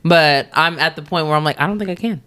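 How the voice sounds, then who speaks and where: A woman co-hosting a podcast, teasing and telling animated stories with frequent laughter. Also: deep voice, fast talker, clean tone. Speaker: podcast co-host. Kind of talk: casual chat.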